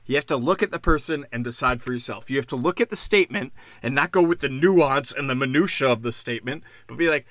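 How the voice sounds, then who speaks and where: A man's voice: mid-range voice, quick pace, hardly any pauses, fairly bright tone, no room sound. A man hosting a solo podcast, ranting angrily and sarcastically with lots of swearing. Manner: angry, sarcastic, heavy swearing. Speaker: podcast host. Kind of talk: profane solo podcast rant.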